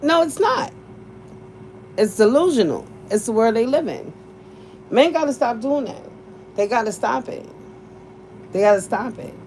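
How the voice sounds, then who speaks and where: A woman's voice: a little high, expressive, a little slow, long pauses, darkish tone, slight background noise, poor audio. A woman, talking candidly and bluntly in a casual chat, cursing freely and laughing often. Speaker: podcast host.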